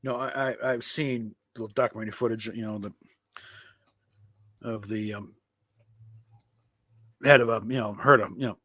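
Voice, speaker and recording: A man chatting casually with a friend on a stream, rambling and halting, with some swearing. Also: mid-range voice, steady tone, sharp tone, no room sound. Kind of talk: casual chat.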